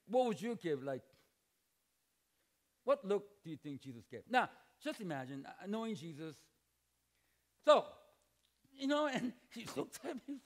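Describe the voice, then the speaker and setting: A middle-aged man preaching a sermon to students in a church hall, animated and joking, acting out dialogue and shouting at emphatic points. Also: high-pitched. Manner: animated, acts out dialogue and jokes. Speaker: pastor.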